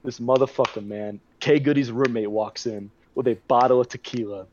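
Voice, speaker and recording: A man's voice: medium pitch, steady tone, a little fast, a little hiss or hum. A young man co-hosting a podcast, telling a rambling party story in casual chat and swearing a lot. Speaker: podcast co-host. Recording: muffled dry recording.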